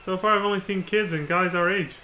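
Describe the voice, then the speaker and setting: A man's voice: high voice, fairly even intonation, a little fast, bright, forceful tone, a little hiss or hum. Man reading as an eager young sidekick. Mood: helpful. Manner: earnest, tags sentences with "sir". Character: eager polite young male rebel sidekick.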